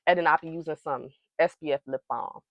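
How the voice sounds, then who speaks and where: A young woman beauty vlogger with a low voice talks fast and casually to her viewers in a makeup vlog, hyper and giggly, rambling from topic to topic. The sound is lo-fi, picked up on a wireless receiver mic.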